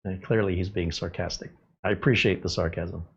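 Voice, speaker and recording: A man's voice: low voice, fairly quick, husky, lo-fi sound. A man hosting a live tech stream, answering viewer chat in a blunt, sarcastic way. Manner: blunt, sarcastic, lively asides. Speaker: tech show host.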